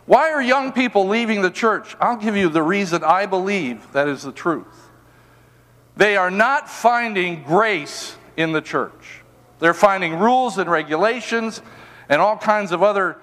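An older man preaching a sermon, telling personal stories in an animated, self-mocking, humorous way. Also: sits high, big-room sound. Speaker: pastor.

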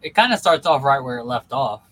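A man's voice: medium pitch, animated, brisk, a bit bright, low-quality recording. A young man co-hosting a casual chat, rambling with many fillers and restarts. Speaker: podcast co-host.

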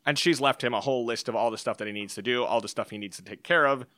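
A man's voice: mid-range voice, fast talker, sharp tone, no room sound. A man co-hosting a casual film discussion, recounting scenes with wry jokes.

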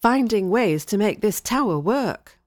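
A woman narrator voices a composed woman scientist in an audio story. She speaks in a measured, dry way with a faint tease, and her pitch moves freely. The recording is close and dry. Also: lively intonation, no echo, close to an everyday voice. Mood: matter-of-fact. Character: calm, wry woman scientist.

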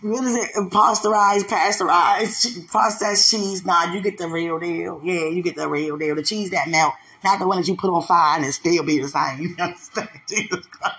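A speaker with a bright, sharp-edged voice talks in a loose, faith-filled monologue. The delivery is teasing and full of laughter, with quoted voices acted out in a raised pitch and a running "you understand?" aimed at the listener. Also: fairly even intonation, normal speed, low-quality recording.

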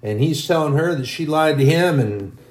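A man's voice: fairly high pitch, lively intonation, moderate pace, a little mellow, reverberant, a little hiss or hum. A man preaching a sermon, telling a long everyday story in a folksy, rambling way.

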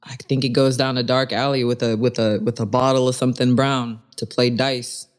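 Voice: medium pitch, level tone, a little fast. A host of a live audio chat show, joking in casual slang, laughing often and teasing the guests. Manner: playfully teasing.

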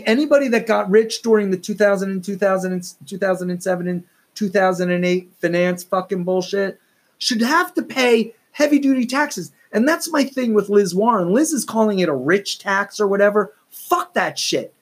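A man's voice: high voice, moderate pace. A man hosting a solo podcast, ranting in a profane, exasperated, rambling way. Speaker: podcast host.

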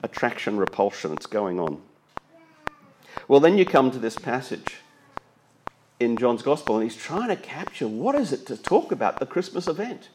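A man's voice: mid-range voice, big pitch swings, moderate pace, a little mellow, a little hiss or hum, low-quality recording. A man preaching a sermon, reading scripture aloud and explaining it.

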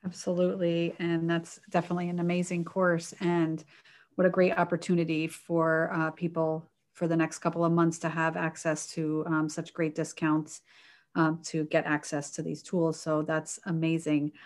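A woman hosting an interview, enthusiastic and quick to praise her guests. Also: sits low, completely flat delivery. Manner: enthusiastic, warm praise, laughs often. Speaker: interview host.

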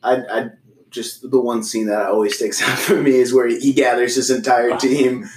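A man's voice: mid-range voice, flat delivery, moderate pace, slight background noise. Laughing man in a roomy space. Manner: laughs through his words. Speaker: podcast co-host. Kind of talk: casual chat.

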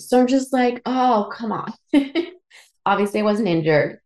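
A woman's voice: medium pitch, expressive, normal speed, creaky, a little mellow. A woman in her thirties from Canada, telling a candid personal story as a podcast host, emotional and tearful at times, swearing and full of fillers. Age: 30s.

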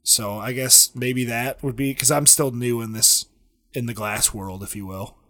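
A man's voice: mid-range voice, steady tone, unhurried, bright, forceful tone, dry recording, clean studio sound. A man chatting casually, joking and rambling with lots of fillers and restarts as he talks about his work with glass. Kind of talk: casual chat.

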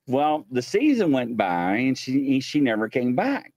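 Animated man host telling a story. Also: mid-range voice, unhurried, dry recording. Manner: animated storyteller, laughs mid-sentence, acts out quotes. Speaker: paranormal show host. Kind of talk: casual storytelling chat.

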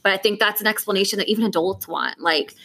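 Fast-talking woman reminiscing about teaching. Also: medium pitch. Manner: animated, fast storytelling with acted-out quotes. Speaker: podcast co-host, former teacher and administrator. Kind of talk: casual conversation.

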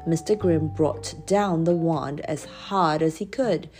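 A woman reads a children's story aloud in a gentle, expressive way. Her voice is mellow and sits a little low. Soft music plays faintly behind her. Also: takes it slowly. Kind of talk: children's audiobook narration.

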